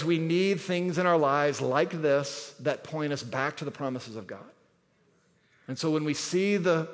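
Brief: male pastor, fairly high voice, emphatic sermon delivery, long hall echo. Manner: emphatic, repeats key words, shifts between loud and soft.

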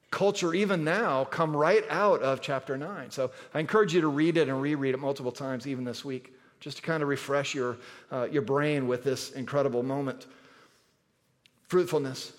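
A man preaching a sermon as pastor, emphatic, repeating key words and moving between loud and soft delivery. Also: mid-range voice. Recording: long hall reverb.

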